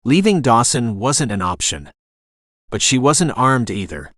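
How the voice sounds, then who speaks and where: A man narrating an audiobook in a steady, even reading voice. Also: mid-range voice, a little slow, dry recording, studio quality. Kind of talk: scripted narration.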